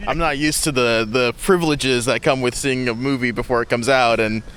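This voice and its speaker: A man guesting on a podcast, reviewing a film in lively, expressive casual chat with frequent laughs. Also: mid-range voice, fairly quick, smooth.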